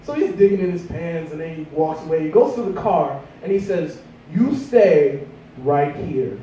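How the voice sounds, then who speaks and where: A young man doing stand-up comedy, rambling through a self-mocking story with a high, animated voice that swings around. He sounds mellow in tone, and he is picked up from a distance in a very echoey room. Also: brisk, dull audio, slight background noise.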